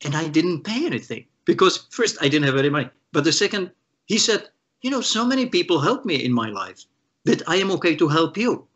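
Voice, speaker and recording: A man from the Czech Republic, a guest guitarist, telling animated stories in an interview and acting out the voices of the people he quotes, with many restarts. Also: on the high side, brisk, slightly rough, lo-fi sound. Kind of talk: storytelling in an interview.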